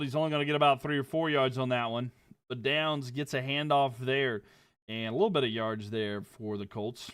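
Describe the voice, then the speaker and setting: A young man giving casual play-by-play commentary on a livestream, getting louder on big plays and dropping low when he talks to viewers. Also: steady tone, smooth. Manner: rises and quickens on big plays, drops low chatting with viewers.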